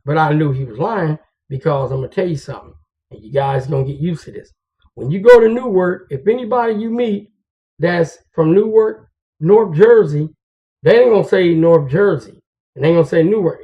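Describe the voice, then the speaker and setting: Speaking at a normal speed in a slightly high, animated voice, a man who drives trucks swaps stories and tips with other drivers. He keeps it slangy, casual, and confiding, captured on a dull lo-fi recording.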